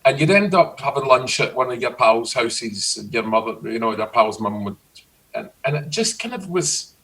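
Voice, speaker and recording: A middle-aged Scottish man chatting casually, telling lively stories about his childhood. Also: medium pitch, moderate pace, far from the mic, rough recording. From Scotland. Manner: storytelling, animated. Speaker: guest. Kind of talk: casual chat.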